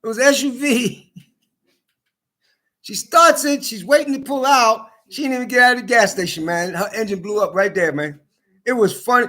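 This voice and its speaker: A middle-aged vlogger with a high-pitched, brisk voice rants in a rambling monologue. He swears often, stammers and repeats himself, swinging from loud outbursts to tired muttering.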